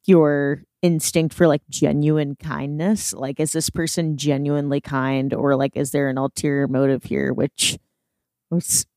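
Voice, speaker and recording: Woman cohost, lower voice, thoughtful chatty, dry mic sound. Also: flat delivery, measured pace, dark tone, no room sound. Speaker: podcast co-host. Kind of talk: casual chat.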